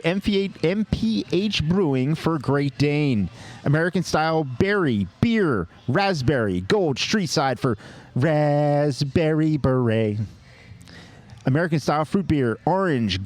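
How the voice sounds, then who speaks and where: A man co-hosting a podcast, jokingly rattling through a list of award winners with quick asides. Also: a little high. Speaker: podcast co-host. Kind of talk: casual chat, reading award lists.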